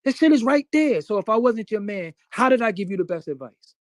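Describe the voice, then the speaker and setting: A man's voice: sits high, lively intonation, a little fast, no echo, clean studio sound. A man being interviewed, talking in a boastful, profane and emphatic way. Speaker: interview guest.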